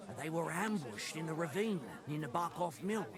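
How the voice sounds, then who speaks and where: A man's voice: fairly high pitch, animated, moderate pace, crowd noise, lightly acted. A man playing a chatty, folksy innkeeper passing on grim news in a game. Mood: gossipy. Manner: chatty, colloquial folksy speech. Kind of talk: game dialogue.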